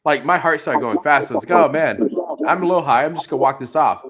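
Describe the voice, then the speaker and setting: A man on a podcast, telling his own mishaps in an animated, self-mocking way with lots of laughter. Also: fairly high pitch, fast talker, a crowd in the background. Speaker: podcast co-host. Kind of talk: casual chat.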